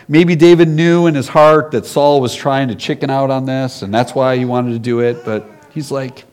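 A man's voice: on the high side, moderate pace. A man, a pastor, giving a casual storytelling sermon, often laughing and acting out the characters.

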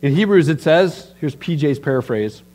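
Male pastor preaching in church, lively and emphatic, slightly high-pitched. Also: moderate pace. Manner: animated, emphatic preaching with direct address. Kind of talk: sermon.

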